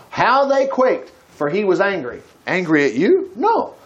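A man with a husky, high-pitched voice that swoops all over preaches a sermon, slowly reading Bible verses aloud. He breaks off into folksy asides and bursts of praise, staying lively and expressive throughout.

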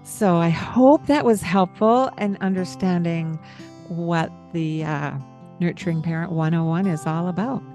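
A woman co-hosting a parenting podcast, talking in a calm, gentle way and explaining with examples. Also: on the low side, a little slow, faint music behind. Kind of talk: casual podcast advice.

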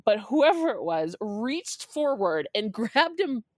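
A woman in her forties, a podcast guest, telling a story in a lively, laughing way and acting out the quotes. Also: slow, dry recording, clean studio sound. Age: 40s. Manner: lively, laughing, acts out quotes with big pitch jumps. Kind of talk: animated storytelling.

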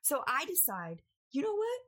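A young woman in casual storytelling on a podcast, animated and acting out family members as she goes. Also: normal speed. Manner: animated, acts out family members with big pitch jumps. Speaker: podcast co-host.

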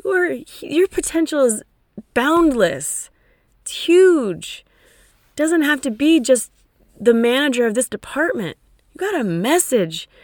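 A woman hosting a motivational talk as a coach, energetic and emphatic, dropping casual swear words. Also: sits high, slow, no room sound, clean studio sound. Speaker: coach and podcast host.

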